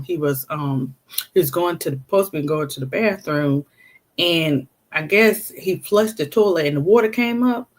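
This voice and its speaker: A woman talking casually and earnestly about raising her autistic son, rambling with many fillers like "you know" and "or whatever". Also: deep voice. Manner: earnest and emphatic. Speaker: parent of an autistic child. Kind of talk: casual personal talk.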